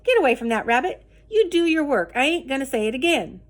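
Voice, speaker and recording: A woman voicing a gruff, folksy old country woman in a storybook reading, with a loud, scolding drawl. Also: sits high, lively intonation, normal speed. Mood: bossy.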